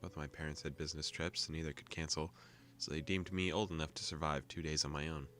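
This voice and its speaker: A young man hosting a gaming video, calmly reading a visual novel aloud with joking asides. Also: rumbling low, fast.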